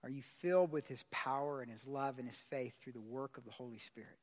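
A man's voice: mid-range voice, brisk. A man pastor preaching a sermon in a church service. He talks casually, uses slang and puts questions to the congregation. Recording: long hall reverb.

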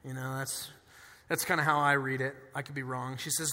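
A man preaching a sermon in a church, passionate, swinging between quiet asides and loud emphatic lines and slowing down to stress key phrases. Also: a little high, fairly even intonation. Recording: long hall reverb with music behind.

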